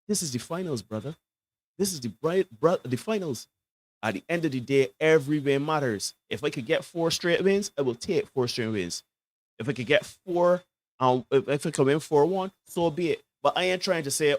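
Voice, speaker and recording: A man giving emphatic basketball analysis on a sports talk show. He often asks "right?" and swings between low asides and loud, preachy bursts. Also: a little fast, dry recording.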